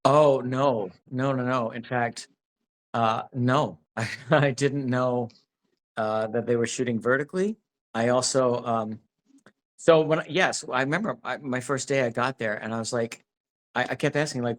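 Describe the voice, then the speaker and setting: A man's voice: mid-range voice, measured pace. A man being interviewed about his acting work, talking casually and rambling with many restarts. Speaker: actor, interview guest.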